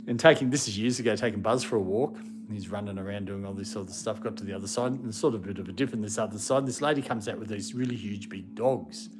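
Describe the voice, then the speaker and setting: A man's voice: lowish voice, fast, hardly any pauses. A man live streaming, chatting casually and rambling, breaking off now and then to scold his dogs. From Australia. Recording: music playing in the background.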